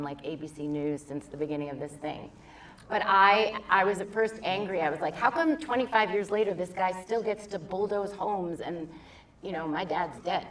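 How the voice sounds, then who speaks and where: A woman's voice: low-pitched, reverberant, distant mic, a little hiss or hum. A woman in her fifties speaking candidly and emphatically as a panelist at a live theater discussion. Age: 50s. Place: theater in a large city.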